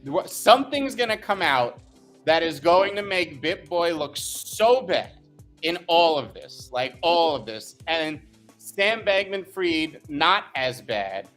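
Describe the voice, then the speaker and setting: A man co-hosting a podcast who talks in an animated, opinionated, emphatic way. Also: on the high side, slow, faint music behind. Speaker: co-host. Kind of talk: casual podcast chat.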